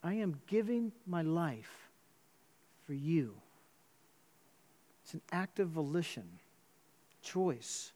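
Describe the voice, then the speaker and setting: A man preaching a sermon in church, telling a story with sudden jumps in pitch. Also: sing-song, slow, pauses often, mellow. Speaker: pastor.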